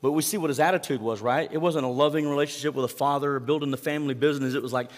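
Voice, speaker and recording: A man's voice: on the high side, steady tone, racing, few pauses, long reverb tail. A man preaching a sermon in a conversational way, asking the congregation rhetorical questions. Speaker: pastor.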